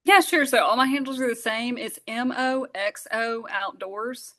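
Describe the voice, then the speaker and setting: A woman, a podcast guest telling a lively story and acting out the voices of those in it. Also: fairly high pitch, unhurried. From Southern Alabama. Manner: animated, acts out dialogue, many fillers. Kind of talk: storytelling in casual interview.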